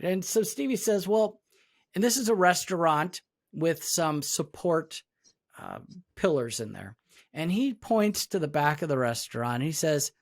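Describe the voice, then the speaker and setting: An HR professional co-hosting a podcast tells stories in casual conversation and acts out what the people in them said. His voice is slightly high, with wide pitch swings and vocal fry, and he speaks slowly with long pauses.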